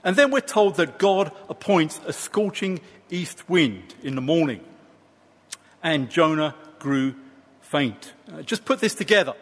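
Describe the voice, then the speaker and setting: A man preaching a sermon, slow and emphatic with dramatic pauses. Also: fairly high pitch, lively intonation, long reverb tail.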